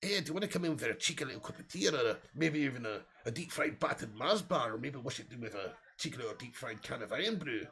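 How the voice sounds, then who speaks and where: A man's voice: medium pitch, animated, quick pace, gravelly, few pauses, pushed and bright. A man doing a jokey impression of an older football manager, offering tea. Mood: jokey, hospitable.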